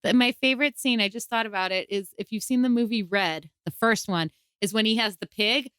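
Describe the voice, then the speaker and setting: Female podcast co-host, clear bright tone, eager and opinionated, dry close recording. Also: fairly high pitch, fairly quick, dry recording. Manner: enthusiastic, opinionated. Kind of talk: casual chat.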